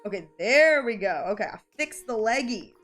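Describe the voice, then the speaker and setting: A woman's voice: a little high, expressive, normal speed, a bit bright, soft background music. A young woman chatting casually on a live art stream, giggly and playfully anxious as she talks to her chat.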